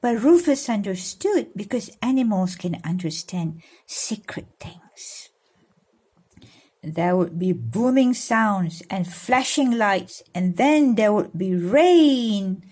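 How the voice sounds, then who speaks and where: Slow storybook-reading woman. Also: mid-range voice, expressive. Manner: warm, coaxing, explains and asks children questions. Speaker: godmother reading to children. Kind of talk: reading a storybook aloud to children.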